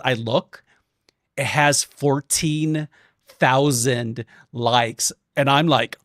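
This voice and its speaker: A young man streaming, chatting casually and telling a story, animated and swearing, acting out quotes in different voices. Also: medium pitch, very slow, dry recording, studio quality.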